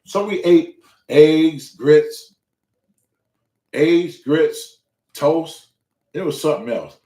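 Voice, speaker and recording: A man hosting a show, telling a story in casual, profane speech and acting out the quotes. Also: extremely slow. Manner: animated, profane, acts out quotes with loud pitch jumps. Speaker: show host. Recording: echoey room.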